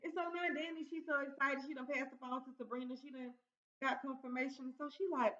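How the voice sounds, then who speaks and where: Woman vlog host with a slightly high voice, relaxed storytelling recap, recorded in a roomy space on a muffled lo-fi mic. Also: fairly quick. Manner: chatty storytelling, acts out characters' lines. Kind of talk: casual TV episode recap. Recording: roomy, dull lo-fi sound.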